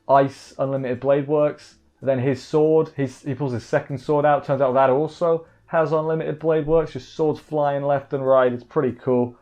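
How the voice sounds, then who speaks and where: Recapping an anime episode, a male reviewer wanders along wryly, full of fillers and false starts. He has a medium-pitched, darkish voice, heard through a dull lo-fi mic over faint music.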